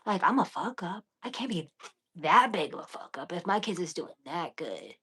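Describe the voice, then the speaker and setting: A woman in her thirties hosts a late-night livestream, speaking casually to her viewers in a low, husky voice with big pitch swings at a moderate pace. She is blunt, defiant and swears freely. Between louder comments she often drops into whispers and quiet muttering.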